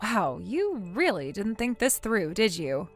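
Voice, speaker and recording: A woman's voice: mid-range voice, very animated, measured pace, soft background music. A synthetic woman's voice playing a blunt young woman who lectures her friend sternly in a text-message story. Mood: scolding. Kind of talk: text-to-speech text story narration.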